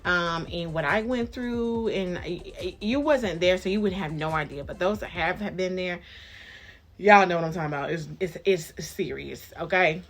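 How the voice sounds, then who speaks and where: A woman vlogger telling a casual story, acting out the people in it with big jumps in pitch. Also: moderate pace. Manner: animated, acts out quotes with big jumps in pitch.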